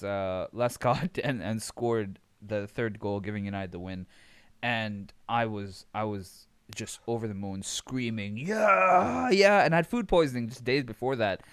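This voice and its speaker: A man's voice: fairly low pitch, normal speed, clear, resonant tone, dry recording. A young man from Abu Dhabi telling a story in casual chat, swearing freely and often laughing as he talks. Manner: animated, swearing, laughs while telling stories.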